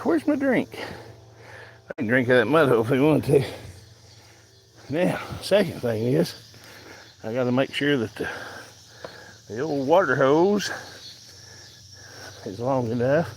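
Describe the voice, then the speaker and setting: Filming his chores on a handheld phone out in a pasture, a farmer talks casually to viewers in a slow rural drawl, tossing in chatty asides and sounding a bit winded from hauling. His mid-range voice is animated. The low-quality recording carries a little hiss or hum.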